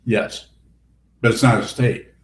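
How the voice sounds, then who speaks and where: A Buddhist teacher offers a dharma talk and answers questions, blunt, wry and teasing. His medium-pitched voice keeps fairly even intonation and a measured pace. The recording is from a roomy hall with faint background hiss.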